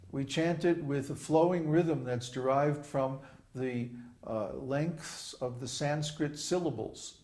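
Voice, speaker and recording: Slow-spoken man teaching, roomy echo. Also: medium pitch, darkish tone. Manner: demonstrates chant rhythms aloud, asks "huh?" often. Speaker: spiritual teacher. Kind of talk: informal sermon.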